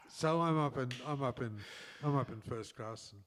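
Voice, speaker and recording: A man's voice: mid-range voice, unhurried, a bit bright. An older man with an Australian accent, co-hosting a casual chat and telling long, rambling anecdotes with many restarts and chuckles. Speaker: co-host telling stories.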